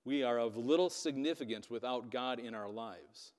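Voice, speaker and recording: A man preaching a sermon, telling a Bible story dramatically with loudness that rises and falls. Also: medium pitch, moderate pace. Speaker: pastor. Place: church hall. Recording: long reverb of a hall.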